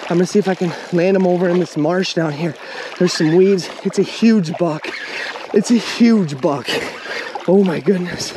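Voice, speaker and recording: A high-voiced man exclaims and pants as he fights a fish, out of breath between words. He is on a riverbank, recorded on a camera mic with loud rushing water behind him. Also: noisy background. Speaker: fishing vlog host. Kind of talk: live excited commentary while fighting a fish. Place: outdoors on a riverbank.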